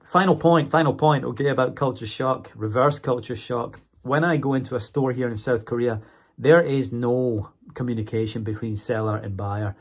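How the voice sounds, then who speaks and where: A man's voice: medium pitch, moderate pace. A man talking casually to his viewers in a vlog, chatty, often checking in with "okay?" and "right?". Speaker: vlogger and English teacher.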